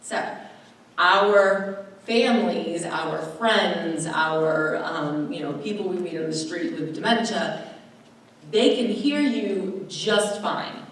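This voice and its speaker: A woman giving a chatty talk on dementia care to a live audience, often acting out quoted voices. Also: fairly low pitch. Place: large room at a presentation. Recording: distant voice in a very echoey hall.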